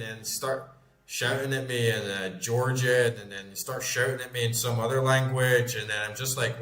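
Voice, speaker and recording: A man in his forties rambles through a story, packing it with fillers and frequent swearing. His voice sits in a middle pitch, and a roomy echo hangs around it. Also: fairly even intonation, moderate pace, fairly bright tone. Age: 40s. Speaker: gaming YouTuber. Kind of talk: casual storytelling.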